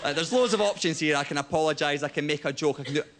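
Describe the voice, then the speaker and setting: A man's voice: a little high, rapid-fire. A young Scottish man doing a stand-up set on a TV studio stage, telling stories animatedly with a habit of tagging "right?". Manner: animated storytelling with frequent "right?". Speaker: stand-up comedian. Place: TV studio stage before a live audience. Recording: loud audience laughter and crowd noise.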